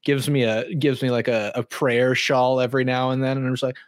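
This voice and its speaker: A man's voice: medium pitch, little pitch movement, fairly quick, no echo. Young man, podcast co-host, rambling storyteller, close dry sound. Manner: storytelling, lots of fillers and restarts. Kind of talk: casual chat.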